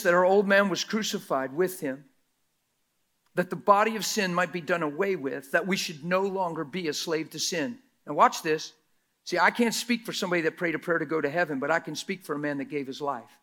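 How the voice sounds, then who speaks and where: A male pastor preaching a sermon, asking rhetorical questions and swinging between loud emphatic lines and near whispers. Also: fairly high pitch, animated, fairly quick. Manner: mocks critics in a quoted voice.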